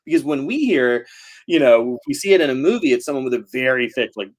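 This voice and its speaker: A man's voice: medium pitch, lively intonation, fast talker. A man, a novelist chatting over a video call, rambling and laughing often between fillers. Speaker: novelist guest. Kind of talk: casual video-call chat.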